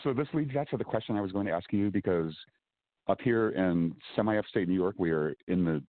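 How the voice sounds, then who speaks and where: A male musician guest talking slowly and thoughtfully in a casual interview, with hesitant restarts. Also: deep voice, expressive, dry recording. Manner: slow, musing, hesitant. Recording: tinny phone line, dry.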